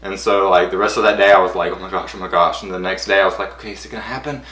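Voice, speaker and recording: A young man with a bright, forceful voice pitched a little low tells a story for his vlog. He rambles with excitement and keeps stacking "and I was like". The room around him rings with echo. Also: racing. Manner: breathless, rambling, acts out quotes in high squeals. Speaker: vlogger.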